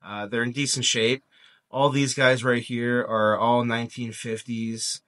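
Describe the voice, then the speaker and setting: A man co-hosting a coin video, casually showing his finds with frequent pauses and fillers. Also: mid-range voice, level tone, a bit bright. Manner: easygoing, with frequent ums and uhs. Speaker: co-host. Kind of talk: casual show-and-tell narration.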